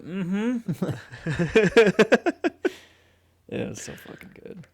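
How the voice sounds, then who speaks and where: A man's voice: medium pitch, big pitch swings, slow, gravelly, pauses often, a little mellow. A man co-hosting a film podcast, chatting casually and animatedly, acting out quoted lines and swearing often. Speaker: podcast co-host.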